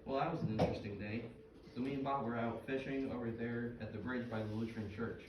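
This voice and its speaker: A man with a mid-range, slightly dark voice that sounds close to everyday speech talks at a quick, steady pace. He's an actor playing Mike, a chatty middle-aged fisherman in a comedy skit, telling folksy jokes and fish trivia in a storytelling mood through scripted comedic dialogue. The stage recording is roomy, distant and noisy.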